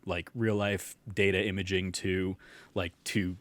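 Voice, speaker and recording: A man's voice: low voice, little pitch movement, a little slow, fairly bright tone. A young man co-hosting a podcast, chatting casually and rambling with many fillers and restarts. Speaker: podcast co-host. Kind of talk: casual chat.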